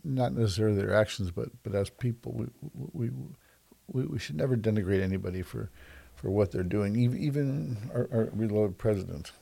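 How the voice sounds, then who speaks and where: A man talks through a reflective monologue in a low, gravelly voice with a warm, mellow tone. He stumbles and repeats words as he goes, then slows down to press on softer points. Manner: halting, repeats words often, slows to soft emphasis. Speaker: speaker on self-judgment and kindness.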